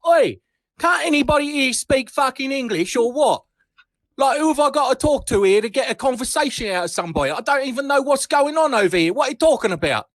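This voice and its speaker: A man voicing a foul-mouthed, exasperated British bloke, rude and shouty. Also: extremely high pitch, big pitch swings, fairly quick, no echo, full character voice.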